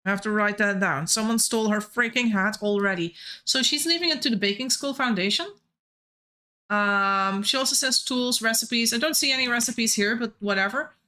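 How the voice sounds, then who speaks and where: A woman's voice: fairly high pitch, normal speed, sharp tone. A woman giving live game stream commentary, chatty and playful as she thinks aloud.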